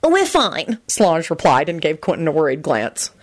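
A man's voice: on the high side, wildly swooping pitch, moderate pace. A woman voicing a cheerful, smug adult male joke-shop owner in a fan-fiction reading.

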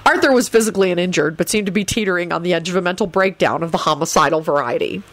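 A woman reading a story aloud as narrator, animated and switching into character voices. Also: on the low side, racing. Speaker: audiobook narrator.

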